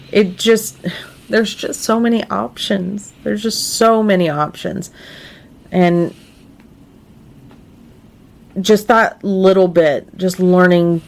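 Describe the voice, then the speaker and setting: A young adult woman co-hosting a casual podcast, talking earnestly and filling her sentences with "like.". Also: on the low side. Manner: earnest, lots of "like" fillers. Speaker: podcast co-host.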